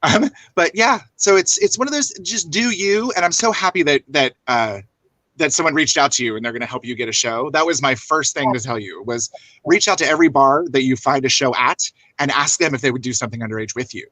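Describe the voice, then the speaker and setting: A man's voice: mid-range voice, brisk, bright, forceful tone, dry recording, low-quality recording. A man speaking as a guest drag performer on a video call, encouraging and rambling, with many restarts. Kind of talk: casual chat.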